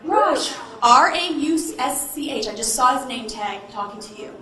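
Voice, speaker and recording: A woman's voice: high voice, animated, moderate pace, heavy background noise. A woman giving a motivational keynote, telling her story theatrically and tossing playful asides to the audience. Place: large hall with audience. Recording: echoey hall, faint ambience.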